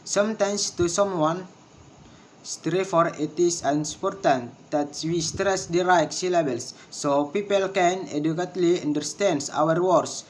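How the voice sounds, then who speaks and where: Male presenter, slightly high voice, reads lesson notes at a very slow, careful pace. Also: darkish tone, a little hiss or hum. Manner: slow, careful reading with word drills. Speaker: English pronunciation presenter. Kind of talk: reading lesson notes aloud.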